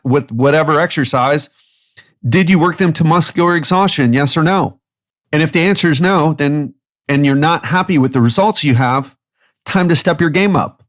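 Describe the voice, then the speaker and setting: Blunt, emphatic male fitness podcaster. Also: on the high side. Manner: emphatic, blunt, talks in quick bursts. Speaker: podcast host, fitness coach. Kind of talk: solo podcast monologue.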